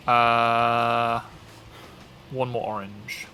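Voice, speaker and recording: Bright-voiced man in rambling gaming chat. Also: medium pitch, very animated, very slow, long pauses, soft background music. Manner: rambling, self-interrupting, joking. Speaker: streamer.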